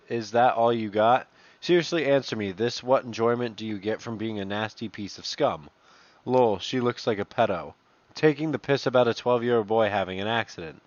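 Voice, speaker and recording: A man's voice: mid-range voice, normal speed, dry recording, lo-fi sound. Profane, mocking man reading posts aloud. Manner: profane, mocking asides between read-out messages. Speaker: commentator reading online posts. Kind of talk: casual reading and commentary.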